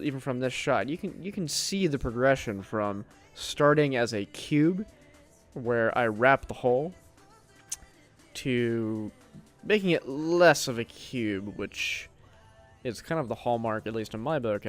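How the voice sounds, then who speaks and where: A man giving a casual tutorial voice-over of his design, thinking aloud and restarting his sentences often. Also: medium pitch. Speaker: game builder walking through his design.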